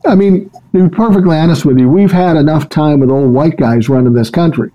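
An older man from Minnesota, a podcast guest, talking in a calm, measured, low-key way in casual chat. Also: lo-fi sound.

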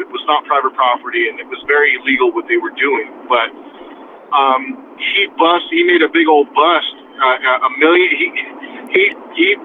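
A young man from near the US-Mexico border, telling a story in a casual chat, animated and profane, acting out other people's voices. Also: mid-range voice. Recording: tinny phone-like sound, faint noise.

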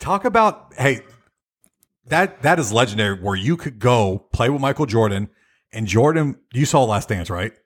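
Chatty man with an animated voice. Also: medium pitch, normal speed. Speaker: podcast co-host. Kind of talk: casual banter.

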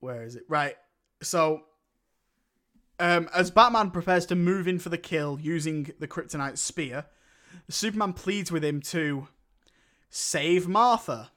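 A man's voice: on the high side, measured pace, long pauses, fairly bright tone. A man co-hosting a casual film review podcast, rambling and often breaking into laughter. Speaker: podcast co-host.

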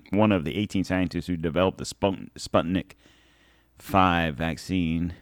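A man's voice: low voice, measured pace, no room sound, studio quality. A man hosting his own show, delivering a rambling, heated and sarcastic political commentary monologue. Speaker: show host.

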